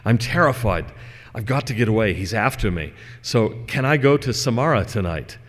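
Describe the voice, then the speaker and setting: A man's voice: on the low side, animated, moderate pace. A man telling of a scared male servant. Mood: frightened. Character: frightened young male servant. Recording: long hall reverb.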